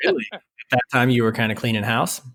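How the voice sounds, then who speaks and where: A man's voice: mid-range voice, big pitch swings, fast talker, vocal fry, fairly bright tone. Playful enthusiastic male podcast host. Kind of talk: casual chat.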